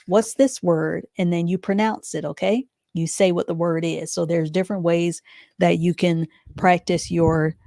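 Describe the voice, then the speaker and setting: A woman's voice: on the low side, warm tone, no echo, studio quality. A woman teaching a live online reading class, spelling words out letter by letter and answering viewers with patient encouragement.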